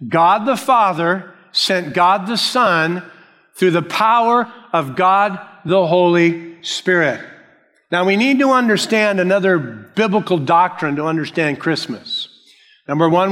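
A male pastor preaching a sermon, slow and emphatic, repeating key phrases. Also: high-pitched, expressive, a bit bright, big-room sound.

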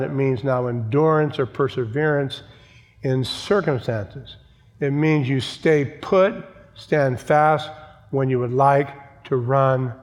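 A male pastor preaching a sermon, emphatic, repeating key phrases and asking the congregation for an amen. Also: medium pitch. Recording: long church reverb.

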